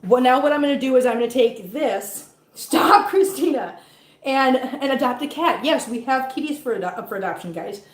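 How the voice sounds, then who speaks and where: A woman's voice: high voice, a little fast, echoey room, rough recording. A woman chatting casually on a livestream while she cooks in her home kitchen, teasing her viewers and cooing at her cats. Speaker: cat vlogger cooking on a livestream. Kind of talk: casual live-stream chat while cooking.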